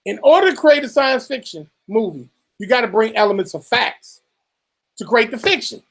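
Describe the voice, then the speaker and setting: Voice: medium pitch, big pitch swings, normal speed. A co-host in a casual commentary chat, swearing freely, mocking and acting out what others say, then lecturing and warning the listeners.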